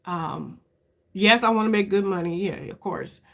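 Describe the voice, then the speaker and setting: A beauty creator in her fifties talks candidly and searchingly right to her viewers in a casual chat, often calling them "y'all" and rising in pitch for emphasis. She speaks at normal speed, with vocal fry and a fairly bright tone.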